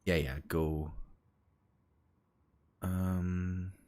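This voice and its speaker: A man's voice: deep voice, little pitch movement, darkish tone. A man streaming a building game, chatting casually with teammates and often restarting his sentences as he plays. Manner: halting, restarts phrases while busy. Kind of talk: casual gaming chat.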